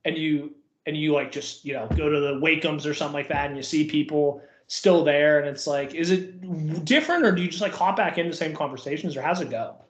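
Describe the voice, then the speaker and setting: A man's voice: a little high, brisk, echoey room. A young man co-hosting a podcast, chatting casually and rambling with lots of fillers. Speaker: podcast co-host. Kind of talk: casual chat.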